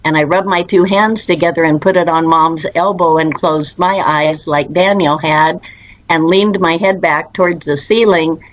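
A woman guest in an interview, telling her personal story in an earnest, unhurried way with quoted dialogue. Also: low voice, steady tone, lo-fi sound, a little hiss or hum.

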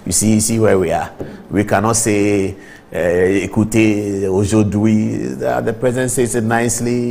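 A man with a Ghanaian accent hosting a TV news show from the studio, talking in a joking, animated way and repeating himself. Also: on the low side, creaky, slight background noise. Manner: animated, joking, repeats words, mimics French phrases. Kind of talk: casual studio commentary.

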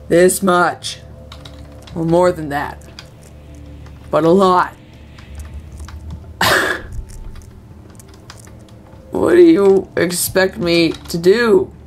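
A woman's voice: lowish voice, steady tone, extremely slow, pauses often, soft background music. A young woman doing nervous, self-talking commentary while playing a horror game. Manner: nervous, talks to herself and the game. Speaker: gamer.

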